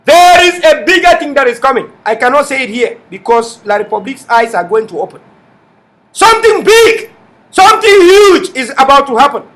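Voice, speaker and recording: A man hosting an online TV show, addressing viewers in an emphatic, repetitive way with bursts of shouting. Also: very high-pitched. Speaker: online TV host. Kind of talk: impassioned livestream address.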